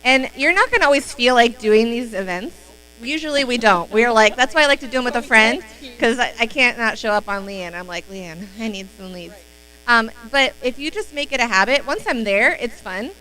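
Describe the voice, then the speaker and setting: Bright, chatty woman coaching her sales team. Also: fairly high pitch, animated, a little fast, a little hiss or hum, low-quality recording. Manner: upbeat, chatty, many fillers. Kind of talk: casual training talk on a live stream.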